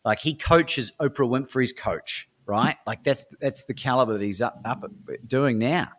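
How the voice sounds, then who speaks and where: A man's voice: mid-range voice, unhurried. Aussie guy on a podcast, coach type, hyped up and motivational, keeps saying "right?". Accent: Australian. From Australia. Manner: enthusiastic, motivational, with frequent fillers like "right?". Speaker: podcast guest, speaker and coach. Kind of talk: animated storytelling in a podcast interview.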